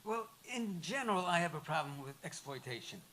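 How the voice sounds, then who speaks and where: An older man, a guest on a live comedy talk show, speaking haltingly and repeating words as he searches for them. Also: on the high side, animated, bright, forceful tone, a little hiss or hum. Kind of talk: casual talk-show chat.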